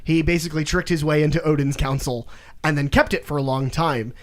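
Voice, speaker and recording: On a laid-back podcast, a young co-host lively narrates a video game story, voicing the characters himself. His voice is slightly high and his tone steady, and he talks briskly.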